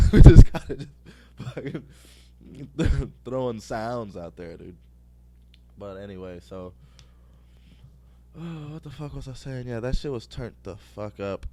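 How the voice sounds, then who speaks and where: A man's voice: medium pitch, lively intonation, slow pace, pauses often, warm tone. A young man hosting a podcast, telling a rambling, profane story and laughing at his own jokes. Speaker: podcast host.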